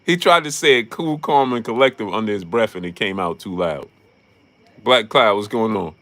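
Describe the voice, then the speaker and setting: A man's voice: on the low side, lively intonation, moderate pace, a bit bright. A man hosting a casual boxing livestream, greeting chat viewers and laughing often. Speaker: boxing talk show host.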